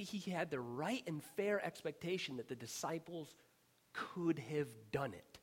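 A man preaching a sermon as pastor, earnest and emphatic, sometimes dropping to a hushed whisper on key words. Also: fairly high pitch, a little slow, husky.

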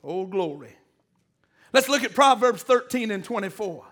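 High-voiced preaching man. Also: lively intonation, normal speed, a bit bright. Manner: call-and-response preaching, rising to emphatic peaks. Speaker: pastor. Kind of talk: sermon.

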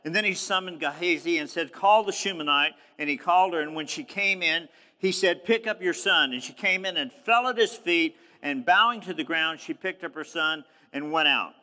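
A man's voice: fairly high pitch, normal speed, bright, forceful tone, big-room sound. A man preaching a sermon, reading scripture and retelling it in a conversational, emphatic way. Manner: conversational, emphatic, acts out quoted speech.

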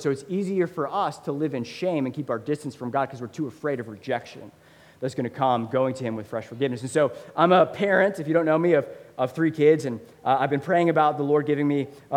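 Animated male pastor in echoing hall. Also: fairly high pitch. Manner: animated, conversational, many fillers. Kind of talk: sermon. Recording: long hall reverb.

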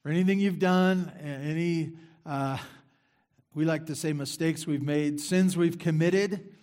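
A middle-aged man delivers a sermon with a voice pitched a little above most men. His tone stays easy and conversational, circling back to repeat key phrases and sinking into quiet asides between them. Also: fairly even intonation, measured pace, clean tone. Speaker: pastor.

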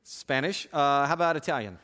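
Pastor guy preaching, kinda high voice, jokey and lively, stumbles and restarts a lot. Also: brisk. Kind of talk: sermon. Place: church stage before a congregation.

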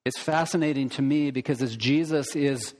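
Pastor preaching in a reverberant sanctuary. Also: male voice, mid-range voice, normal speed. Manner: conversational, animated storytelling. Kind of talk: sermon with storytelling. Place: church sanctuary.

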